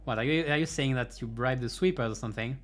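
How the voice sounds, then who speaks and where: A man's voice: medium pitch, quick pace, a bit bright, faint music behind. A man playing through a game's story, reading the dialogue aloud and breaking off for dry, sarcastic asides. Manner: dry, sarcastic asides between read lines. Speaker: game streamer.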